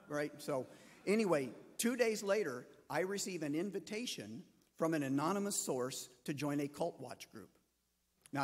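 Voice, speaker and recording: A man's voice: fairly high pitch, long reverb tail. A man, a pastor, preaching a sermon and telling a story, acting out the voices of the people in it. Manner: storytelling, acts out quoted voices.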